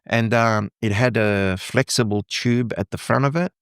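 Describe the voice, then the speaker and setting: A middle-aged man from Lebanon with a lowish voice tells his story vividly and acts out the lines he heard. The sound is close and dry, with no room around him. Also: moderate pace, clear, resonant tone, no echo. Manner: animated storytelling, acting out quoted dialogue. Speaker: guest. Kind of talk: conversational interview.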